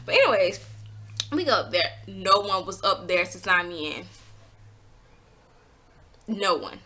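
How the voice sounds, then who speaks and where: A young woman in her twenties telling a storytime to camera, casual and blunt, acting out her own past lines with big swings in pitch. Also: sing-song, a little slow, pushed and bright, breathy edge. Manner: blunt, swears freely. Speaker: vlogger.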